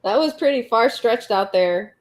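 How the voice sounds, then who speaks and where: A woman's voice: fairly high pitch, lively intonation, moderate pace. Chatty woman counting crochet stitches. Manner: chatty, counts stitches aloud, reads viewer comments. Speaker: livestream host. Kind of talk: casual live chat while crocheting.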